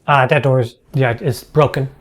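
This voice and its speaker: A man running an online tabletop game as game master, halting and full of fillers. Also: medium pitch, fairly even intonation, a little hiss or hum.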